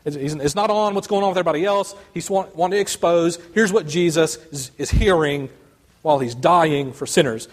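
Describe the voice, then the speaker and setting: A man's voice: on the high side, a little fast. A male pastor preaching a sermon and reading a story aloud, earnest and sometimes restarting words.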